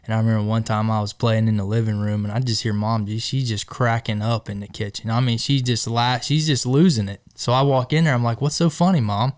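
A man's voice: on the low side, steady tone, brisk, hardly any pauses. A young man co-hosting a casual podcast chat, easygoing and agreeable as he tells childhood memories. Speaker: podcast co-host.

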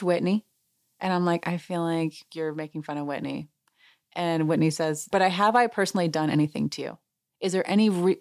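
A woman with a slightly low voice hosts a podcast, recapping reality TV in a loose, chatty way. She acts out quoted lines with sudden lively leaps in her voice before settling back into her easy talk. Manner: chatty, reenacts quotes with animated voice jumps. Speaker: podcast host. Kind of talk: casual recap chat.

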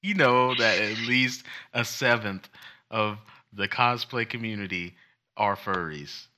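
A man's voice: on the low side, slow, sharp tone. A man co-hosting a casual chat show, joking around and acting out little scenes. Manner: jokey, acts out little scenes in funny voices. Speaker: podcast co-host.

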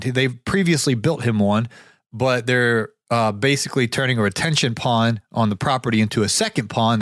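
A man's voice: mid-range voice, fairly bright tone, dry recording, studio quality. A man hosting a podcast, telling a rambling story while getting over a sore throat with a cough drop in his mouth. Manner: rambling, many restarts and fillers. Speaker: podcast host. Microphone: podcast mic.

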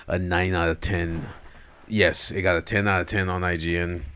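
A man's voice: deep voice, flat delivery, normal speed, a bit bright, slight background noise. A man co-hosting a podcast, chatting casually and joking with his friend. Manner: laid-back, joking banter. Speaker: podcast co-host. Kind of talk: casual chat.

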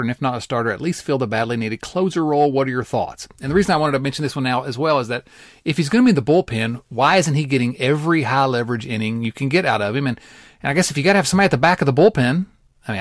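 A man's voice: mid-range voice, dry recording, clean studio sound. Easygoing male sports podcast host. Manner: easygoing, rambling with fillers and playful teasing. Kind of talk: casual sports talk.

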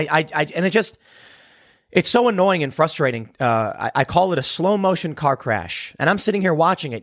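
A man from Chicago hosting a political commentary show on his own, alternating between reading news items and rapid, emphatic opinions. His voice sits at an ordinary middle pitch. The close mic leaves the sound dry, with no room echo. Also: fairly bright tone. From South Side of Chicago. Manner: rapid, emphatic, repeats words when heated.

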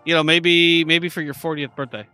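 A man's voice: a little high, little pitch movement, normal speed, sharp tone, smooth, soft background music. A man co-hosting a casual whiskey tasting, wry and joking, with blunt asides and mild swearing.

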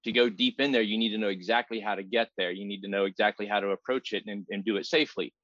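A man who is a massage therapist and anatomy teacher, a guest explaining things in a measured way in a casual interview. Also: lowish voice, fairly even intonation, fairly bright tone, no echo, muffled recording. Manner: measured, explanatory, some repeated words.

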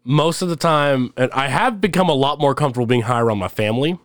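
A man's voice: mid-range voice, fast talker, no echo, studio quality. A young man telling rambling, laugh-filled stories as a guest on a casual podcast. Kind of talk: casual storytelling chat.

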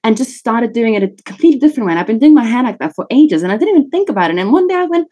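A woman's voice: a little high, big pitch swings, racing, hardly any pauses, mellow. A woman in her thirties with a British South African accent, a neuroscientist guest chatting casually in a podcast interview, laughing often and poking fun at herself. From born in Italy, raised in South Africa.

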